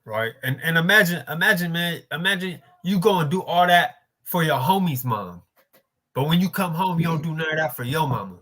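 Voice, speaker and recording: A man in a casual religious discussion, talking in an animated, emphatic way and repeating words for effect. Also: fairly high pitch, a little fast.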